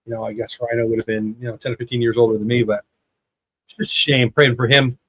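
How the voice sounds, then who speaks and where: A man's voice: medium pitch, level tone, fast, fairly bright tone, slight background noise, poor audio. A man in his fifties hosting a livestream watch party, chatting casually and rambling between the game and viewer comments. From United States. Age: 50s. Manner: rambling, chatty, reads chat aloud. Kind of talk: casual live baseball commentary.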